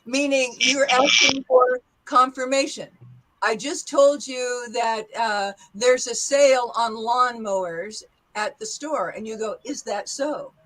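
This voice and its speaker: A woman's voice: on the high side, slow, poor audio. A middle-aged woman teaching an interactive pronunciation lesson, encouraging her students and drilling phrases with them. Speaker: English teacher.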